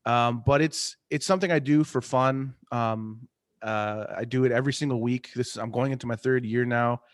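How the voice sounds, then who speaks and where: Man, guest in a casual chat, mid pitch, lots of ums and restarts, dry close sound. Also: no echo. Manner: rambling, many fillers and restarts, laughs often. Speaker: artist and podcast host, interview guest.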